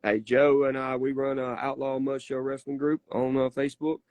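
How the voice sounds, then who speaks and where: A man's voice: mid-range voice, flat delivery, normal speed, darkish tone, no echo. A man, a wrestler telling stories in a casual interview, folksy, emphatic and profane. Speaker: wrestler guest.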